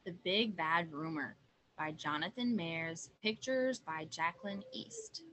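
A young woman reading picture books aloud to children, gentle and chatty, pausing to ask questions. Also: on the low side, very animated, low-quality recording. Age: young adult. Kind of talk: picture-book read-aloud.

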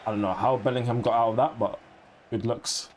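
A young man talking casually and excitedly over his football game, swearing and using slang as he reacts. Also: medium pitch, brisk, a little hiss or hum. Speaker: gaming YouTuber. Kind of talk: casual gameplay commentary.

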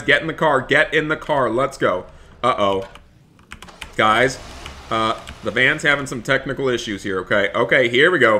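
A young man hosting a gaming video, giving excited gameplay commentary and talking straight to his viewers. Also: medium pitch. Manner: animated, keeps addressing viewers as guys, shouts for help in panic. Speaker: gaming channel host.

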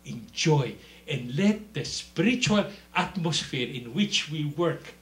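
In a roomy-sounding space, a man delivers a lively sermon at a slow pace, moving between quiet, low-pitched asides and loud, high exclamations. He laughs as he tells his stories.

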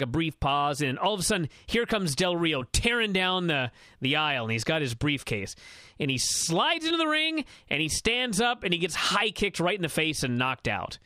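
A man recapping a wrestling match on a radio show, telling it in a quick, excited run with many fillers. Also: on the high side, dry recording. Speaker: wrestling analyst.

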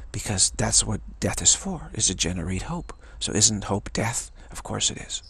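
A man's voice: on the low side, expressive, normal speed, vocal fry, hardly any pauses, sharp tone, slightly rough. A man giving a casual spiritual talk, rambling, chuckling and repeating phrases. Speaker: spiritual teacher.

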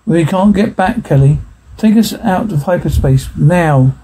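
A man's voice: fairly high pitch, lively intonation, measured pace, warm tone, slightly rough, low-quality recording. A man voicing an anxious, grim male ship officer in an audiobook reading.

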